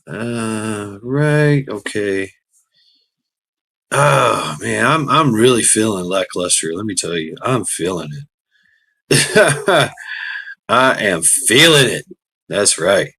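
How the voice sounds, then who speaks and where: A man's voice: lowish voice, a bit bright. A tired man hosting a casual livestream, rambling and swearing as he greets chatters by name. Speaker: livestream host.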